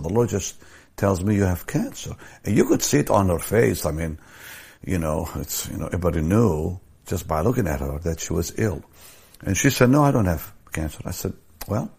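A man's voice: low-pitched, creaky, a little mellow, husky. An older man preaching a sermon, telling a story from his ministry and pressing his points with emphatic stresses.

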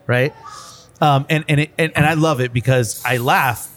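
A man hosting a casual workplace podcast, telling stories in an animated way and often repeating words as he talks. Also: medium pitch, normal speed, soft background music. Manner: animated storyteller, repeats words, says bro. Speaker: podcast host. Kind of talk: casual conversation.

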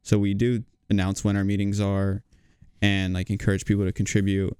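Med student dude, smooth clear lowish voice, dry sound, just explaining stuff. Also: male voice, monotone, a little fast, a little mellow, no echo. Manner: friendly, explains plainly, laughs easily. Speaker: medical student guest. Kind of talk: casual explanation.

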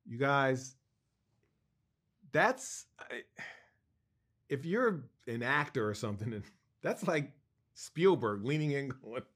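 A man being interviewed as a guest co-writer, telling an anecdote in an animated, excited way, with restarts and laughs. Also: medium pitch, slow, pauses often.

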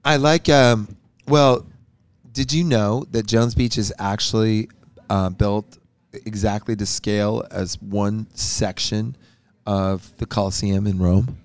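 A man's voice: on the low side, steady tone, takes it slowly, clean tone. Rambling man in casual chat. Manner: rambling, many fillers and restarts. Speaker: podcast guest, musician. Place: backstage at a concert venue.

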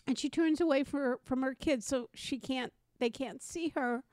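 A woman co-hosting a podcast, telling a personal story in an animated, conversational way. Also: high-pitched, moderate pace, dry recording, studio quality. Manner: animated, acts out quoted voices. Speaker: podcast co-host.

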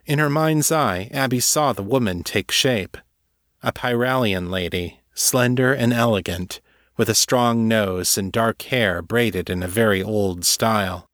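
A man narrating serial fiction in a measured, even reading. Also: on the low side, no echo, studio quality.

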